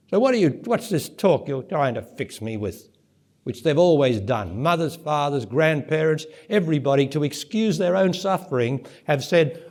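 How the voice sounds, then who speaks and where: A man giving a spiritual talk to a live audience at a conference centre, speaking emphatically, asking rhetorical questions and building to forceful peaks. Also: fairly high pitch, lively intonation, normal speed. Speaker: spiritual teacher.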